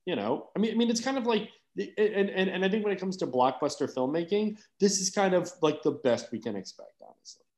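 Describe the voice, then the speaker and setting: A man co-hosting a podcast, rambling excitably with lots of fillers and casual swearing, over a remote call. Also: high voice, brisk. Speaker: podcast co-host. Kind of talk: casual film discussion.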